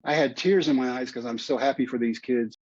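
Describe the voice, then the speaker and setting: A middle-aged man tells his story in a husky voice, earnest and heartfelt, and leans on repeated phrases to drive each point home. The audio is dry and slightly muffled, with no room sound. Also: medium pitch, brisk, a little mellow, dry recording. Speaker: guest. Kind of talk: storytelling in a podcast interview.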